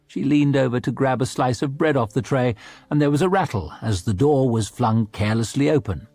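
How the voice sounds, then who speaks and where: A man narrating an audiobook in an expressive storytelling manner. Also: medium pitch, brisk, no room sound. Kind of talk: scripted narration.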